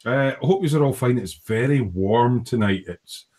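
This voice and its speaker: Male host, chatty and rambling, laptop-mic live stream from his workbench, mid-pitched. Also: animated, normal speed, a little mellow. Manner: rambling, friendly, many fillers. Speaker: livestream host, hobby model maker. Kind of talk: casual live-stream chat. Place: home workshop at his bench. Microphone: laptop built-in mic.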